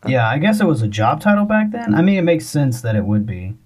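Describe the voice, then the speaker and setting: A man's voice: a little high, sing-song, brisk, darkish tone. A man from Louisiana co-hosting a podcast, joking and teasing in casual chat. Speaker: podcast co-host and editor.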